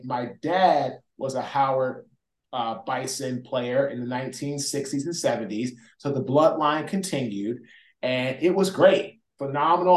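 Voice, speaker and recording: A former pro football player telling his story as a guest in an interview, energetic and animated. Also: mid-range voice. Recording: roomy echo.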